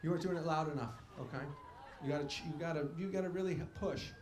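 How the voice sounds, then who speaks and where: A man's voice: fairly high pitch, fast talker, noisy background. A man singing on an outdoor stage and playfully coaching the crowd to sing along, through a stage microphone. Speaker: singer and entertainer. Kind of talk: live concert singing with crowd banter. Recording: echoey outdoor stage recording with loud band.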